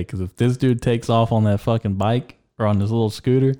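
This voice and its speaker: A man's voice: medium pitch, fairly even intonation, a little fast, mellow. A young man in casual podcast chat, telling long crude stories full of swearing and filler words. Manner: crude, rambling storyteller, swears a lot. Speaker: podcast co-host.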